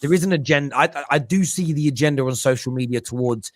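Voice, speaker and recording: A man chatting casually as a football podcast pundit, animated and joking, slipping into mimicking voices. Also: mid-range voice, fast talker, no echo.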